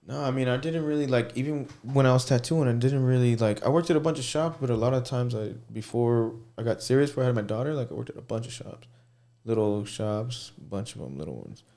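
A man's voice: mid-range voice, quick pace, warm tone. A young man who works as a tattoo artist, a guest on a podcast, talking casually, cursing freely and saying "you know" a lot. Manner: laid-back, swears a lot, fills talk with "you know".

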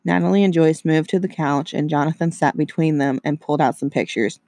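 Brief: casual male story reader, gravelly voice, slightly high pitch. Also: brisk, darkish tone, no room sound, clean studio sound. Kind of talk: casual reading of a story aloud.

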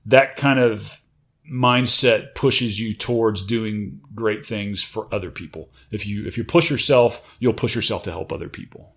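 A man's voice: fairly low pitch, measured pace. A man in casual conversation, talking confidently and emphatically about drive and competition. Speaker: retired military chief.

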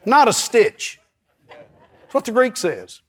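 A man preaching with a strikingly high voice, fervent and rising to shouts at his peaks. He sounds middle-aged and calls out to the congregation as he preaches. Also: huge pitch swings, takes it slowly, slightly rough. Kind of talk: sermon.

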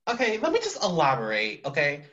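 A teenage male podcast host in casual chat, rambling and defensive. His pitch jumps around a lot. The recording is dull and lo-fi. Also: wildly swooping pitch, fairly quick, a bit bright.

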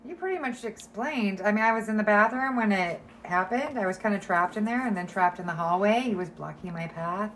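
A woman's voice: mid-range voice, brisk, hardly any pauses, a little hiss or hum, low-quality recording. A woman in casual chat with friends, blunt and profane.

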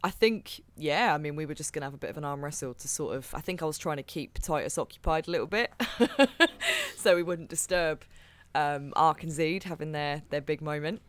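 Player, excitable, dry recording. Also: medium pitch, a little fast, clear, resonant tone, dry recording. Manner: excitable, laughing.

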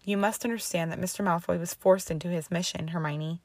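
A woman reading the lines of an older headmistress witch, calm, measured and sympathetic, in a storybook reading. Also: lowish voice, no echo. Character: stern, steady older female headmistress witch.

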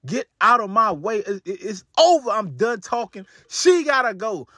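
A man's voice: high-pitched, very animated, normal speed, pushed and bright, no echo, clean studio sound, full character voice. A man playing a snarling armed husband. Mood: enraged. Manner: snarling, threatening. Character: angry husband with a gun.

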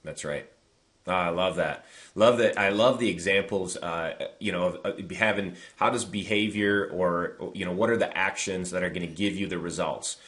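A man's voice: sits low, steady tone, moderate pace, fairly bright tone. A man hosting a podcast interview, agreeing often and reflecting on his guest's examples. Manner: affirming, fills in with short agreements. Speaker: podcast host. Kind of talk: casual interview chat.

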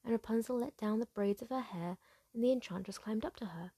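A woman tells a fairy tale in a breathy whispered role-play. Her hushed voice is mellow and slightly gravelly, set close in a dry space. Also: a little high, no room sound. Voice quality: soft and breathy. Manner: gentle, slow and hushed. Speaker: storyteller.

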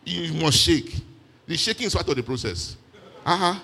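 Animated husky-voiced male preacher. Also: on the high side, brisk. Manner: animated preaching with exclamations and mimicry. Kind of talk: sermon.

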